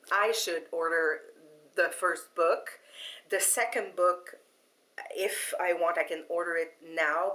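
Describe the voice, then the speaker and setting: A woman telling a long story to her viewers in a casual, animated way, laughing often, with many fillers and restarts. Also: low voice. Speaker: vlogger.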